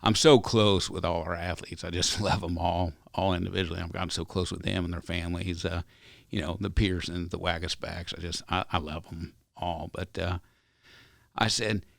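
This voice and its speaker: A man's voice: sits low, steady tone, normal speed, vocal fry, dry recording, studio quality. A man being interviewed on a podcast, telling stories in a folksy, earnest, rambling way. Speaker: ranch company owner, podcast guest. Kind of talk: casual interview storytelling.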